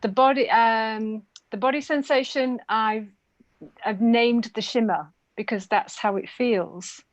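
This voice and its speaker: A woman asks a question over a video call, speaking slowly and hesitantly, pausing to find her words. Her voice is slightly raised in pitch and sounds close and dry. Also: no room sound. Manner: hesitant, thoughtful, pauses with fillers. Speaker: participant asking a question. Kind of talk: casual video-call chat.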